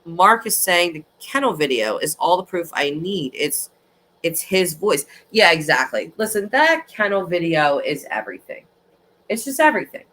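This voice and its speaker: Chatty woman host rambling about a case, bright voice, jumps around a lot. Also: lowish voice, moderate pace. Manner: rambling, animated, with frequent restarts. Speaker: true crime livestream host. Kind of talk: casual chat.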